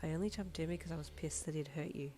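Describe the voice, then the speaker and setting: A woman reading a fan fiction audiobook and voicing a shy, deadpan teenage girl musician who speaks quietly and flatly. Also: sits low, a little fast, creaky, faint music behind. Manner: quiet flat deadpan delivery.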